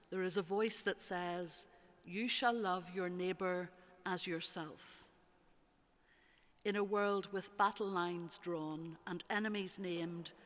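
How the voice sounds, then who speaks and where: A preacher giving a measured, rhetorical sermon with repeated phrases, recorded in a church. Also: mid-range voice, fairly bright tone. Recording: long church reverb.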